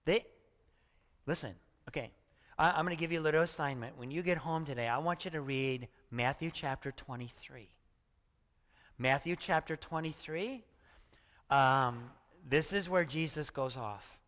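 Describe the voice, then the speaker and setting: A man's voice: a little high, normal speed, a bit bright. A man in his sixties, a pastor giving a chatty, storytelling sermon and often asking his audience "right?". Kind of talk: conversational sermon. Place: church hall. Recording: reverberant church hall.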